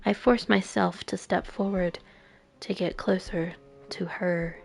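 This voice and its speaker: A woman streamer reading a visual novel aloud, slow and emotive, with frequent soft, breathy asides. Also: lowish voice, flat delivery, soft background music.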